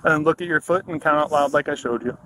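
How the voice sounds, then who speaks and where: A male police officer calmly giving field sobriety test instructions at a roadside stop. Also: a little high. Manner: calm, measured, procedural. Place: outdoors at a roadside traffic stop. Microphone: body camera. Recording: faint noise, body camera audio.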